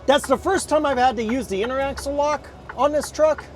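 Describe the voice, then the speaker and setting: A man streaming a driving game, talking through each move and swearing loudly in frequent exasperated outbursts. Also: extremely high pitch, fairly quick, noisy background. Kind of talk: live gameplay commentary.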